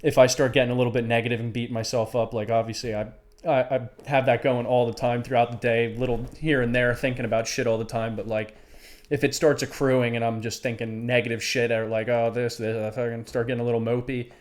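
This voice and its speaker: A man's voice: medium pitch, little pitch movement, quick pace. Swearing, self-critical young man chatting. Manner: heavy swearing, calls his friend dude, self-critical. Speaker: podcast co-host. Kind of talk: casual chat.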